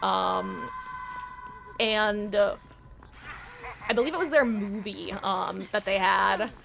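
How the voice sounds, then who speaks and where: A woman's voice: mid-range voice, fairly even intonation, takes it slowly, vocal fry, background noise. A woman streaming a video game live, giving casual, rambling, self-deprecating commentary as she plays.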